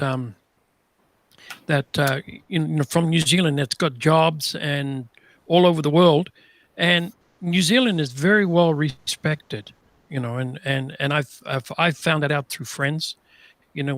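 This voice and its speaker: A man's voice: on the high side, fairly bright tone, dry recording. Chatty interview host man, dry sound. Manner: chatty, full of fillers and restarts. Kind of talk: casual interview.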